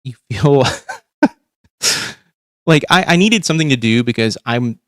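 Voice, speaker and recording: A man's voice: medium pitch, animated, slow, no room sound, studio quality. Profane, rambling male livestream host. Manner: rambling, profane, exasperated ranting. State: overcaffeinated and tired. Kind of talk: casual political commentary. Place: home.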